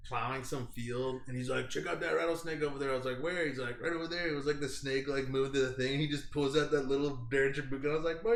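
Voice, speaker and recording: A young man hosting a casual podcast, telling a wild story with lots of swearing and loud acted-out yelps. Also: on the high side, echoey room. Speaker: podcast host.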